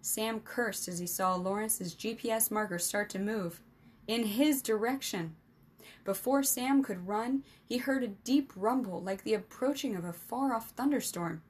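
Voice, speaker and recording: A woman reading an adventure storybook aloud as the storyteller, with lively, expressive narration. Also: medium pitch, unhurried, slightly rough.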